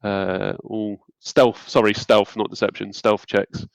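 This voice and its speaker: A man's voice: on the low side, flat delivery, slow pace, gravelly, no echo, rough recording. A man narrating as game master, hesitant with many ums.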